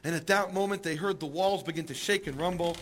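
A man telling a religious story to an audience, animated and rising at the climaxes. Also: a little high, fast talker, a little hiss or hum. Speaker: speaker. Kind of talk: storytelling sermon.

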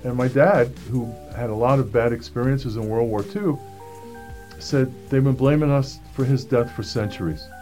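A man of middling pitch recounts his personal testimony with earnest conviction. He slips into the voices of the people in his story as he goes, and soft music plays faintly behind him. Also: normal speed. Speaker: speaker giving a personal testimony.

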